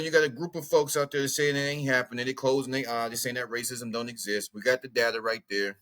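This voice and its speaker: An outspoken man talks through a news reaction in loose, animated commentary. His voice is bright and forward at a mid pitch, and he muses aloud while he looks things up. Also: brisk, hardly any pauses. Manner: animated, outspoken, thinks aloud while browsing maps and texts. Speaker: commentary channel host.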